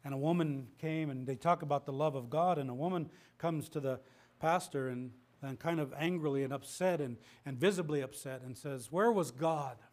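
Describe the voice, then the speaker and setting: A middle-aged male pastor preaching with a fairly high, lifting voice. He is impassioned, stumbling and restarting his phrases as he presses his point. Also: moderate pace, darkish tone. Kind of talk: sermon.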